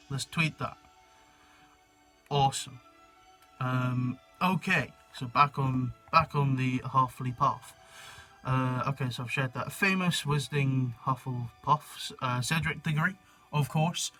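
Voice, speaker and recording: A man's voice: mid-range voice, unhurried, pushed and bright, faint music behind. A young man chatting casually for his video, rambling with frequent swearing and jokey asides. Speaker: YouTuber. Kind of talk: casual chat reading a website on camera.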